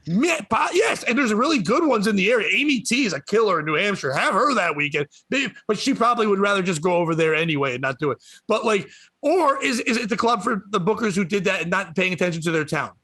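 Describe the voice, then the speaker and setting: A comedian telling a story on a podcast, swearing a lot and ranting with animated energy. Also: male voice, high voice, quick pace, husky, no room sound. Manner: profane, animated rant.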